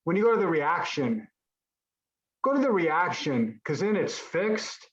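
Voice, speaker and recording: A man's voice: on the high side, sing-song, a little slow, reverberant, dull audio. Upbeat man teaching an online class. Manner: encouraging, repeats and restarts while explaining. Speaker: Spanish teacher.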